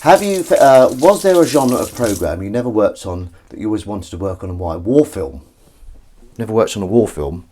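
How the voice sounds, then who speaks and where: A man's voice: fairly low pitch, sing-song, normal speed, dark tone, low-quality recording. A man hosting a livestream, chatting in rambling, self-mocking banter full of ums and asides while washing up in his kitchen. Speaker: livestream host. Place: home kitchen at the sink.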